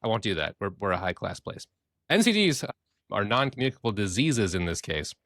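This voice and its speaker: A man with a lowish voice that swings widely in pitch, joking and playful as he co-hosts a relaxed podcast. His voice is close and dry, with no room sound. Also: fairly quick, no echo. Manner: playful, jokey and animated. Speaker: podcast co-host. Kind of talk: casual chat.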